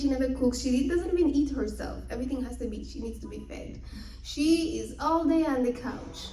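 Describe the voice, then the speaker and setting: A woman's voice: high voice, moderate pace, warm tone. A woman telling a story expressively, switching in and out of character voices. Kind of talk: animated storytelling. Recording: roomy, distant mic, faint noise.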